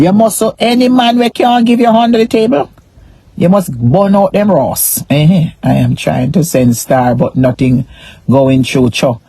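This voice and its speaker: A Jamaican woman rambling through a casual live-stream rant, repeating herself and pressing every point. Her voice is husky and breathy, and it sits close and dry with no room sound around it. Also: medium pitch, a little mellow, dry recording. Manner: rambling, repetitive, emphatic. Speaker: social media personality.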